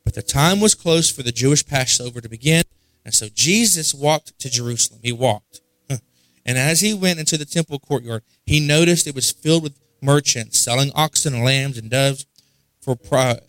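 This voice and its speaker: A man's voice: a little high, a bit bright, no echo, rough recording. A man preaching a sermon in an earnest way, often repeating words as he searches for his phrasing. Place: church service.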